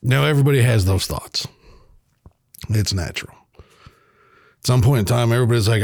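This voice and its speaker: A man's voice: medium pitch, moderate pace, creaky, long pauses, a little mellow, no echo, clean studio sound. A man hosting his own podcast, talking alone in a blunt, profane but earnest and reflective way. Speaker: podcast host. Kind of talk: casual solo monologue.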